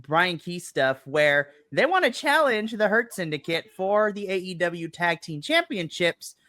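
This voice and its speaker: Bright-voiced playful male podcast host. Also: high voice, a little slow, dry recording, clean studio sound. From US West Coast. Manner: animated, playful, recaps with mock quotes. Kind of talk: casual chat, wrestling review. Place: home.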